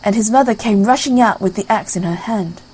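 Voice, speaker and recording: A woman narrating a classic fairy tale aloud in a lively storybook reading style. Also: mid-range voice, brisk, breathy edge, poor audio.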